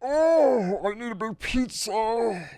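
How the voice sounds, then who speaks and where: A man's voice: very high-pitched, lively intonation, takes it slowly, gravelly, dark tone, voice pushed up, exaggerated voice. A man voicing an out-of-breath male federal agent, groaning and winded.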